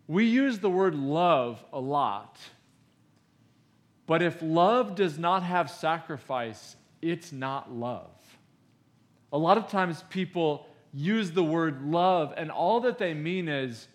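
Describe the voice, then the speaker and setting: A man's voice: a little high, animated, takes it slowly. Emphatic male pastor preaching. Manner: emphatic, swings between loud stresses and hushed asides; conversational, with acted-out quotes. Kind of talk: sermon.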